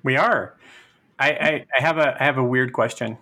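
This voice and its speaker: A man's voice: mid-range voice, normal speed, bright, forceful tone, a little hiss or hum. A man from California with a mid-range voice, co-hosting a casual podcast. He tells stories in a chatty way and often stammers through restarts before he gets going. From California, United States. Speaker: podcast co-host.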